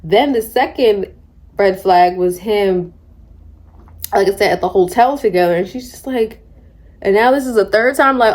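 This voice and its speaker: A young woman in her twenties, a book vlogger, talking through a novel in a chatty, slangy, animated way. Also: medium pitch, moderate pace, long pauses. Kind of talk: casual book discussion.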